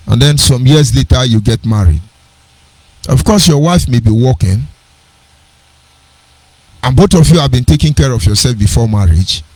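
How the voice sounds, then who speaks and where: A man's voice: medium pitch, darkish tone, no room sound, poor audio. A middle-aged man with a Nigerian accent, giving an earnest personal storytelling talk on a radio program, digressive and with sing-song emphasis.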